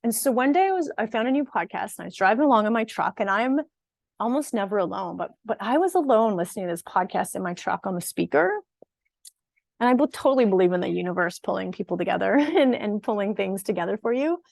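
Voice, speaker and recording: A woman's voice: mid-range voice, expressive, fast talker, vocal fry, darkish tone, dry recording, studio quality. A woman in her forties, a fitness and nutrition coach, talking straight to her audience in an earnest, emphatic way and often restarting her sentences. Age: 40s. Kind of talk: casual direct-to-camera monologue.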